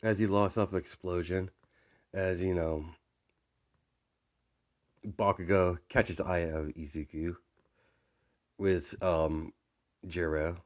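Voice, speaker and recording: A man's voice: low voice, fairly even intonation, takes it slowly, long pauses, darkish tone. A man narrating a fan fiction story off the cuff, rambling with many fillers and asides.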